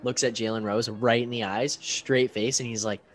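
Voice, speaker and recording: A man's voice: medium pitch, steady tone, moderate pace, soft background music. A young man in casual chat, telling stories with lots of filler words. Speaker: podcast co-host.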